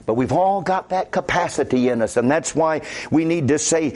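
A man's voice: mid-range voice, expressive, moderate pace, darkish tone. A man with a Midwestern American accent preaching a sermon as pastor, conversational and quoting scripture aloud.

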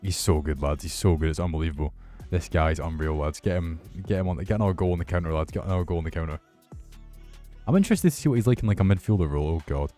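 Excitable sweary lad gaming. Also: male voice, deep voice, fast talker, soft background music. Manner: excitable, sweary banter with viewers. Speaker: gaming YouTuber. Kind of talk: casual gameplay commentary.

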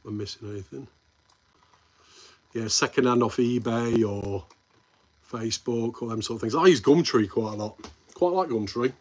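Speaking with a Midlands English accent, a man hosts a laid-back live stream and repeatedly addresses his viewers as mate in friendly banter. His mid-range voice has a slight huskiness, and he talks at a normal pace with frequent pauses. He wanders from topic to topic, reading comments aloud before he responds.

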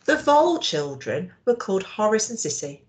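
A woman teacher reading a storybook aloud to young children, expressive and asking them questions. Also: mid-range voice, moderate pace, a little hiss or hum.

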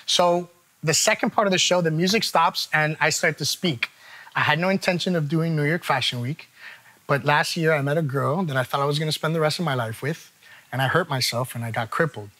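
Bright-voiced man telling a wild story. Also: on the high side, a little fast. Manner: animated, profane storyteller. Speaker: guest. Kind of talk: casual storytelling chat.

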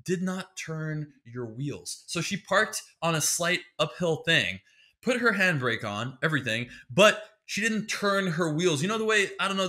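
A man's voice: fairly high pitch, sharp tone. A man hosting a podcast, ranting in a heated, sarcastic comedic monologue full of swearing. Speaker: podcast host.

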